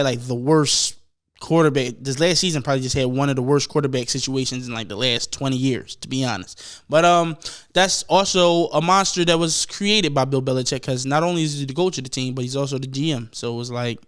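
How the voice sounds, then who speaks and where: A young man hosting a podcast, ranting casually and profanely about football, rambling and mimicking people in quick asides. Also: fairly high pitch, fairly bright tone. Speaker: podcast host. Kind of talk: casual sports rant.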